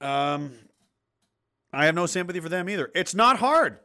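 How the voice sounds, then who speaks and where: A man's voice: high-pitched, lively intonation, moderate pace, bright, forceful tone. A man hosting a livestream, ranting in crude, mocking, blunt commentary and reading out viewer comments. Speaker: livestream host reading chat.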